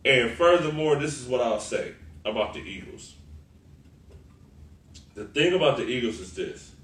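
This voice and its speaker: A man co-hosting a podcast, talking football in a loose, animated, profane way and laughing often. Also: medium pitch. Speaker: podcast co-host. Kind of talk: casual sports chat. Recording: roomy, far from the mic, faint noise.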